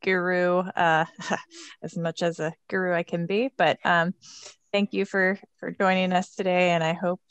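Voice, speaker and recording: Hesitant low-voiced woman host. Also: little pitch movement, unhurried, clear, resonant tone, dry recording. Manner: hesitant, many fillers. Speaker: tech host. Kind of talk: casual introduction.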